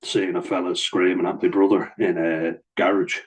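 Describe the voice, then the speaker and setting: Deep flat-voiced Irish man venting. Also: moderate pace, low-quality recording. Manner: blunt, heavy swearing, venting. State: wearing a blood-pressure cuff. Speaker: vlogger. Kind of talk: casual storytelling to camera.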